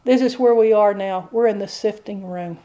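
Earnest woman preaching, mellow voice. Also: medium pitch, normal speed. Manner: earnest, dramatic storytelling. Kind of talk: sermon.

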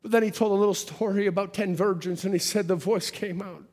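High-voiced fervent male preacher. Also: steady tone, fairly quick, hardly any pauses, darkish tone. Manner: fervent preaching cadence with repeated rhetorical questions. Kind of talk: sermon. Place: church. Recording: long hall reverb, faint music behind.

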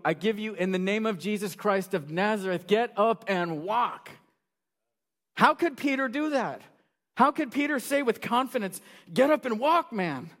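A male pastor preaching a sermon, animated, swinging from loud bursts to quiet asides. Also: high voice. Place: church sanctuary. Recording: long reverb of a large hall.

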